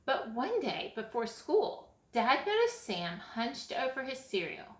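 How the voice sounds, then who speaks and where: Expressive woman reading a storybook slowly. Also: a little high. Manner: expressive, slow read-aloud. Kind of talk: reading a children's picture book aloud. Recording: echoey room.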